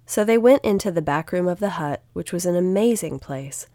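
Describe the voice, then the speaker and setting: A woman narrating a children's storybook in a steady, clear way on a close mic. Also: on the low side, normal speed, no room sound. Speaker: audiobook narrator.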